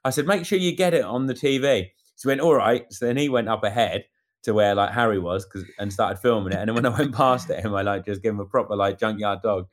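A man tells a story in casual chat, talking quickly in a fairly low voice. He acts out what others said as he goes, keeping the telling lively. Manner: animated storyteller acting out quotes. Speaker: amateur cyclist recounting a race.

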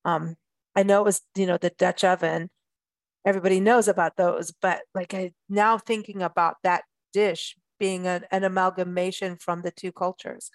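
A woman's voice: on the low side, flat delivery, moderate pace, no echo. A woman from Africa, hosting a travel radio show in casual chat, chatty and playful with frequent laughs. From South Africa.

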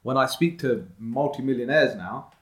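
A man's voice: mid-range voice, moderate pace, fairly bright tone. Upbeat motivational man, roomy sound. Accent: London-area English. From Slough, England. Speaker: guest, property investor. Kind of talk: casual podcast conversation. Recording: roomy echoey room.

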